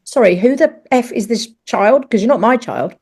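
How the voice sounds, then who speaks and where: A middle-aged woman talks openly as a podcast guest, her voice sitting at an ordinary middle pitch. She tells the story frankly and swears freely. When she plays out each exchange, she jumps up into animated, higher voices. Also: moderate pace, slightly rough. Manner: animated, acts out the dialogue in raised voices. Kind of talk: candid personal storytelling.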